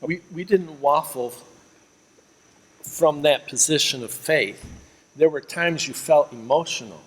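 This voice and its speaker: A father and church leader giving a steady, earnest faith testimony in an interview. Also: on the high side, unhurried, husky. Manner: steady, earnest, drops quiet on emotional lines. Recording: echoing reverb with faint ambient hiss.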